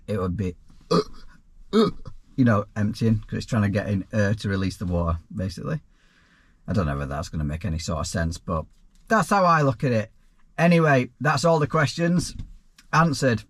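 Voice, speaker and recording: A man's voice: on the low side, no echo. A man, a self-employed plumber, answering viewer questions in a casual, rambling vlog with dry asides. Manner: easygoing and rambling, with frequent restarts and dry asides.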